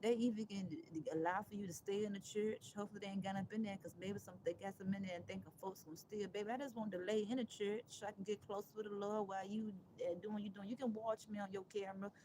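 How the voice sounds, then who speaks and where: A woman talking on a casual live stream, emphatic and sarcastic, rambling and restarting her phrases, with loud outbursts and quiet asides. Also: mid-range voice, steady tone, fast talker, hardly any pauses, noisy background. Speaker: livestreamer.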